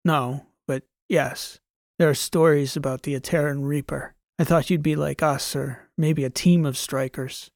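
A man voicing a badly wounded male enemy soldier with a raspy, weak voice. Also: fairly high pitch, steady tone, a little slow, no echo, studio quality. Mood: weak, proud.

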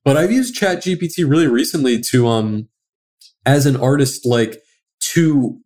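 A man's voice: mid-range voice, measured pace, darkish tone. Rambling guest man, loose and chatty. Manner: rambling, heavy on filler words. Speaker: guest comic artist. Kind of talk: casual podcast chat.

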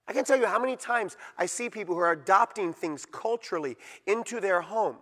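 A man preaching a sermon in a high, bright and forceful voice. He hammers his points with repetition and keeps asking the congregation whether they follow. The sound rings with the long reverb of a church hall. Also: expressive, fairly quick, hardly any pauses. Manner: emphatic, repetitive, rhetorical questions to the congregation. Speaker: pastor.

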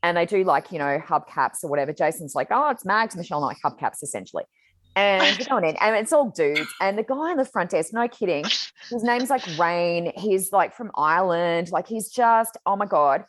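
A woman hosting a casual chat, energetic and chatty, often saying "like" and "oh my God.". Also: on the low side, fairly quick.

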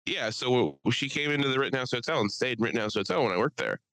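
A man's voice: medium pitch, lively intonation, fairly bright tone, dry recording, rough recording. A man co-hosting a podcast, telling crude jokes and rambling stories in casual chat. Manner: joking, profane storytelling with quick asides. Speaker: podcast co-host.

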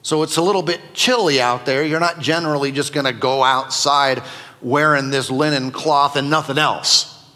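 A man's voice: mid-range voice, fairly even intonation, normal speed, bright, forceful tone. A male pastor preaching a sermon in a conversational, joking way to his congregation. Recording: long hall reverb.

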